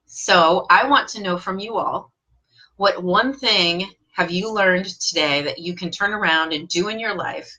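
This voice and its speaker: A woman leads a live online English lesson, her tone bright and clear while her pitch sits a little low. She reads viewers' comments aloud and answers with encouraging, direct questions. Her pitch leaps up when she praises someone. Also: measured pace.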